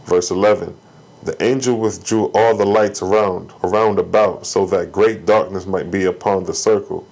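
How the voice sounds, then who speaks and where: Low-voiced man reading scripture solemnly. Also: steady tone, moderate pace, vocal fry, a little mellow, low-quality recording. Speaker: scripture reader.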